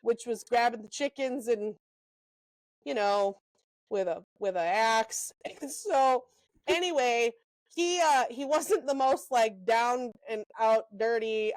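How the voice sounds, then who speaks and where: A young woman co-hosting a podcast, telling animated stories in a casual chat, full of "um" and "like". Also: fairly high pitch, dry recording, rough recording. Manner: animated storyteller, lots of "um" and "like", quick asides. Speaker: podcast co-host.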